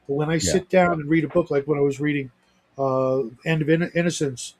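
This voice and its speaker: A man's voice: fairly high pitch, fairly even intonation, fairly quick, darkish tone, slight background noise. A man hosting a livestream, chatting casually and rambling with lots of restarts and asides. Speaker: livestream host. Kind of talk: casual chat.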